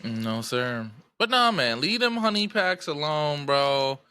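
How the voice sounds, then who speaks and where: A man co-hosting a podcast, joking loudly in casual comedic chat full of slang. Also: on the high side, slow pace, smooth, no room sound. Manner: loud, animated, slangy, joking. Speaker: podcast co-host.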